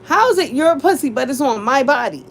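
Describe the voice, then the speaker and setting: A woman's voice: high voice, very animated, brisk, slight background noise, low-quality recording. A woman, talking candidly and bluntly in a casual chat, cursing freely and laughing often. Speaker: podcast host.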